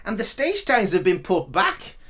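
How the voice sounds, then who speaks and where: Performer doing an older pop star, chummy, placating, mid-pitched voice, comedy impression. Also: wildly swooping pitch, normal speed, a bit bright. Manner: chummy, placating, uses "man" and first names. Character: impression of a friendly older male pop musician.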